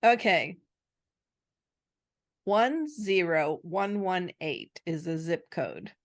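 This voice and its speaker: Unhurried woman podcast host, dry sound. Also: fairly low pitch, lively intonation, no room sound. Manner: quizzes her co-host with trivia, laughing often. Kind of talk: casual chat.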